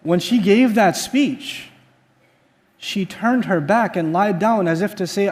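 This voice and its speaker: A man's voice: sits high, slow, darkish tone. A man giving a sermon-style lecture as an Islamic teacher, telling a story with animation and putting rhetorical questions to his audience.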